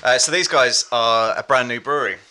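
A man's voice: medium pitch, brisk, pushed and bright, clean tone. A man reviewing beers on a podcast, easygoing and laughing often in casual chat.

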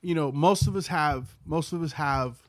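Brief: sniffly male co-host who explains in halting stops and starts, dry booth recording. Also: on the high side, no room sound. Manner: halting, many restarts while explaining. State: sniffly from a cold. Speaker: podcast co-host. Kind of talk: casual faith podcast chat.

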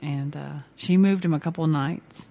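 Low-voiced chatty woman. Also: normal speed, creaky, dark tone. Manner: chatty, laughs often. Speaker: mother. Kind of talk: casual chat.

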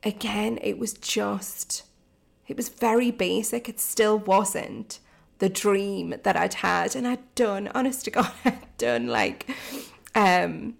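A woman with a Geordie accent hosts her own podcast in a loose, chatty monologue. Her voice is heavily gravelly with plenty of fry, and she talks excitedly and enthusiastically, correcting herself and tossing in fillers as she goes. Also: mid-range voice, slow. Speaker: podcast host and mindset coach.

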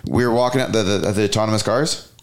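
A man's voice: on the low side, quick pace. A man co-hosting a podcast, telling a story in a loose, offhand way. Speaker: podcast co-host. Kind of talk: casual chat.

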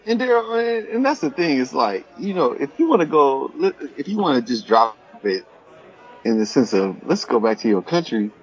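A man's voice: mid-range voice, big pitch swings. A man co-hosting a casual podcast chat, chiming in and riffing on the topic. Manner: chimes in with quick agreement and riffs. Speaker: podcast co-host. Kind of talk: casual bar-table chat. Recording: dull lo-fi podcast audio.

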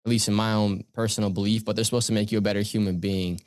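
A man's voice: lowish voice, little pitch movement, a little mellow, no echo, clean studio sound. Earnest young man telling his story. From Canada. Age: young adult. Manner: earnest, measured, with many "um"s. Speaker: guest, keynote speaker. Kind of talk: reflective storytelling in conversation.

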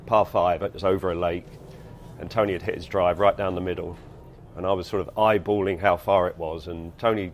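Really low-voiced guy, ex caddie, telling a story slow and steady with lots of ums. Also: slight background noise. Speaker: former golf caddie. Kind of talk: casual anecdotal storytelling.

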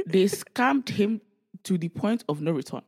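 Animated woman in her twenties telling stories. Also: mid-range voice, measured pace. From Canada. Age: 20s. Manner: animated storytelling, swearing freely, acting out quoted family members. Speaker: podcast co-host. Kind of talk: casual chat.

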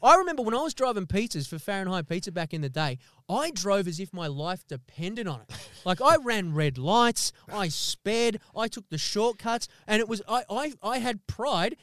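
A man with a high, smooth voice rants in a heated, profane, comedic way. He keeps checking in with his listeners and pushes each point hard. The sound is close and dry. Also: expressive, normal speed, fairly bright tone, dry recording. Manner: heated, sweary, repeats "do you know what I mean". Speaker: podcast host.

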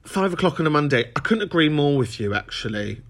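A man's voice: fairly high pitch, very animated, a little fast, fairly bright tone. A man hosting a podcast, chatting and joking in a camp, chatty way, with big laughs. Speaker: podcast host. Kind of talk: casual chat.

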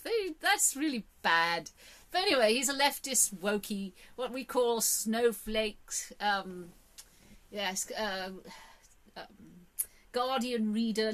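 A woman's voice: on the high side, a bit bright. A woman from England with an English accent, talking casually in a rambling, opinionated monologue full of fillers and emphatic bursts. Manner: chatty, rambling, with many fillers and sudden emphatic rises. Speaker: vlogger.

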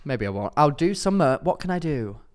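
Young man, podcast co-host, lively swooping voice, excitable, jokey. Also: on the high side. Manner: excitable, jokey, quick to laugh. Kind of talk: casual comedic chat.

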